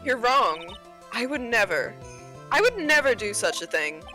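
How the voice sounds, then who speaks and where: A woman's voice: a little high, very animated, unhurried, sharp tone, soft background music, full character voice. A woman voicing a defiant wife, reading game lines indignantly with a slight Southern twang creeping in. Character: defiant wife of an accused man.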